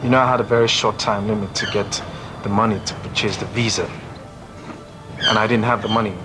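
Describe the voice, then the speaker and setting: A man's voice: lowish voice, steady tone, fairly quick, lightly acted. An actor playing a desperate young man who begs over and over for money, in a film drama. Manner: pleading, repetitive begging. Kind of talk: Nollywood film drama acting. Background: film score music.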